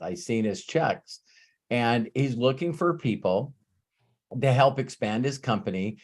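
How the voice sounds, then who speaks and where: A man hosting a live question session as a sales coach, telling a story in a casual, stammering, emotional way with some swearing. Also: mid-range voice.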